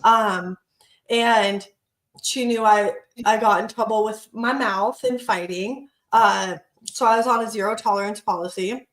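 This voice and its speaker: Animated woman telling a story in an echoey room. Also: medium pitch, a little slow. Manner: animated storyteller, acts out quotes, swears casually. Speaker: podcast co-host. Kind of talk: casual chat, personal storytelling.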